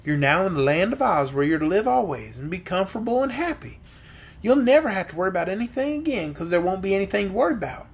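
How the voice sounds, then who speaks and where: A man's voice: high voice, big pitch swings, fast talker, creaky, slightly rough, exaggerated voice. A man voicing an eager young girl who speaks earnestly and reassuringly.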